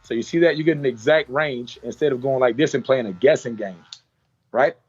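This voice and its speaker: A man's voice: mid-range voice, brisk, darkish tone, breathy edge, highs cut off, faint music behind. A man teaching a hands-on haircutting class, talking through each move with repeated cues and playful sound effects. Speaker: barber educator. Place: salon.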